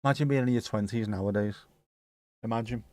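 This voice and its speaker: A man's voice: fairly low pitch, fast talker, a little mellow, no echo. A man hosting a football watch-along stream, chatting casually and joking as he reads viewer comments.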